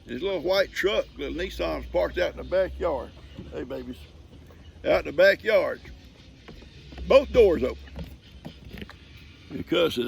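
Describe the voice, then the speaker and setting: A man's voice: a little high, lively intonation, measured pace, vocal fry, pauses often. An older man, chuckling as he tells a folksy story on his farm. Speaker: vlogger. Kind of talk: casual storytelling. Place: outdoors on a farm.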